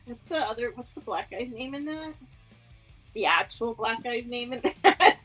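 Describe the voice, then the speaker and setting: A woman's voice: fairly high pitch, normal speed, slightly rough, faint music behind. A woman co-hosting a podcast, chatting casually and acting out movie scenes with lots of laughter. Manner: animated, laughing storyteller who acts out movie scenes. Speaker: podcast co-host. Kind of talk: casual chat.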